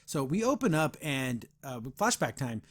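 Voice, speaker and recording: A man's voice: mid-range voice, very animated, moderate pace. A man hosting a podcast, reviewing a comic in casual chat, earnest and rambling, with frequent restarts and heated asides. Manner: gets heated about the veterans system.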